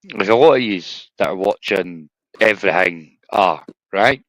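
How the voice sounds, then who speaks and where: A man's voice: low-pitched, animated, a little slow, fairly bright tone, no echo, poor audio. A Scottish man hosting a livestream, chatting casually in a rambling, sweary way and tacking "right?" onto his sentences. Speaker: livestream host. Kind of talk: casual chat.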